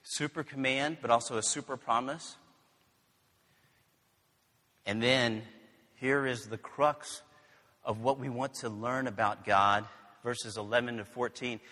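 A male pastor preaching slowly and earnestly in a bright, fairly high voice. He talks in a chatty way and weaves in stories from home. A long hall reverb trails every phrase. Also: fairly even intonation. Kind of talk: sermon.

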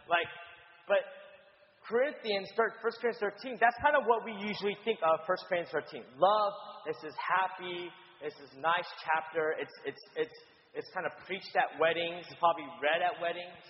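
A man preaching in a conversational teaching style, halting with stammered restarts and frequent "right?" checks. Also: high-pitched, big-room sound, highs cut off. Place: church in Houston.

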